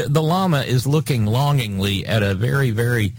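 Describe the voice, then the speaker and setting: A man's voice: medium pitch, expressive, normal speed, no room sound. A man hosting a talk show, giving casual, sardonic political commentary and reading listener messages in a rambling way. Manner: sardonic, rambling, with frequent filler restarts.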